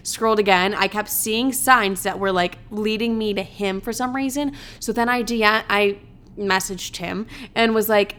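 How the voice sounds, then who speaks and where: Smooth-voiced young woman, chatty and dramatic. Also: mid-range voice, fairly even intonation, normal speed, a bit bright. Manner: chatty, dramatic, swears freely, many fillers. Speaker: podcast host. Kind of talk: casual solo chat.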